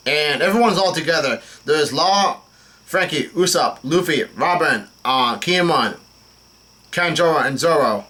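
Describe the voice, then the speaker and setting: A man reading a comic chapter aloud for his channel, halting and tripping over names as he goes. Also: on the high side, pushed and bright. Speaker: manga reaction channel host.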